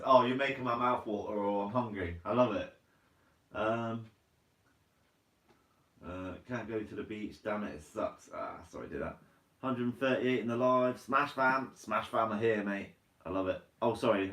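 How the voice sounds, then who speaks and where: A man's voice: medium pitch, a bit bright, recorded from a distance. A man hosting a fishing channel live stream, reading viewer comments aloud in a casual, chatty way and calling people mate. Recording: roomy, from away from the mic.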